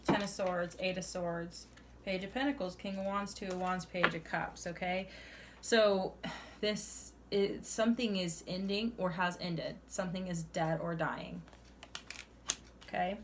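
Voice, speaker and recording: A woman's voice: on the low side, fairly even intonation, unhurried, heavy background noise. A young woman doing a tarot reading to camera, earnest and chatty, sighing now and then between cards. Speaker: tarot reader.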